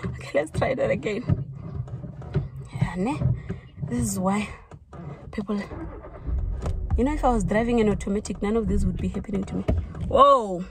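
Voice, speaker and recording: A woman's voice: mid-range voice, moderate pace, vocal fry, long pauses. Flustered young woman vlogging while driving. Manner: flustered, exclaiming and laughing at herself. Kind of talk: casual vlog chat while driving. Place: inside a car on rural roads. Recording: car and road noise. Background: car and road noise.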